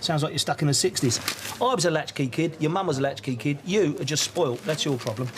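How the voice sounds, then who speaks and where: An actor playing a gruff, sharp-tongued working-class father who scolds his grown sons. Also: on the high side, background noise, close to an everyday voice. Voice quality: brisk, scolding.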